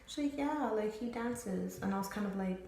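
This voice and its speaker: A woman's voice: medium pitch, normal speed, warm tone, slight background noise. A young woman telling a candid, rambling personal story to her viewers, full of fillers and swearing. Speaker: storytime vlogger. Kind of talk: casual storytelling. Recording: very echoey room.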